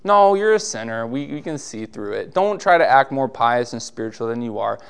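A male pastor preaching a sermon in a laid-back, conversational way, full of rhetorical questions and quick asides. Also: mid-range voice, animated, creaky, clear, resonant tone.

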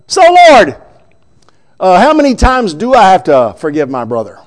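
A man's voice: high-pitched, huge pitch swings, moderate pace. A man voicing the disciple Peter as brash and impulsive, blurting blunt questions.

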